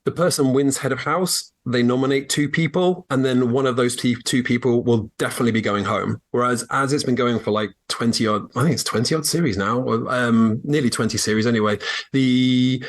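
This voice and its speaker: A man guest co-hosting a podcast who talks in a loose, rambling way. He laughs easily and leans on plenty of fillers, and his voice sits at an ordinary middle pitch. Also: a little fast. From England. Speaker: guest co-host. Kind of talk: casual podcast chat.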